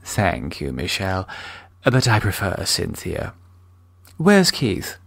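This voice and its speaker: Prim fiftyish wife, a bit exasperated, lively pitch, man reading her. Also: slow pace, vocal fry, no room sound, studio quality, heavily acted. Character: prim, dry-witted English wife in her fifties.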